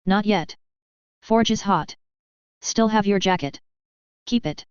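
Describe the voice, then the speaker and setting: A woman reading the lines of a quiet young male blacksmith who talks in clipped, short sentences. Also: medium pitch, slow pace, clear, resonant tone, dry recording, lightly acted. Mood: terse. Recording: slightly dull, dry lo-fi recording.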